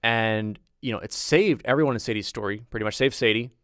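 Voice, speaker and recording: A man's voice: mid-range voice, brisk, a bit bright, dry recording, studio quality. A man co-hosting a casual gaming podcast, chatty and enthusiastic, with many restarts. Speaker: podcast co-host.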